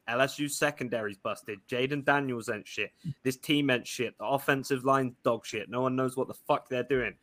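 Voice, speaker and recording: A man's voice: medium pitch, pushed and bright. A man ranting in casual, profane podcast chat.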